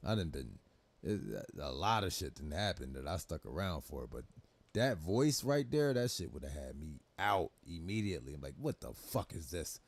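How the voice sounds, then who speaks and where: A man's voice: deep voice, very animated, normal speed, slightly rough, dry recording. A young man hosting a livestream, reacting to clips in loose, laughing talk full of swearing. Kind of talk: casual profane reaction commentary.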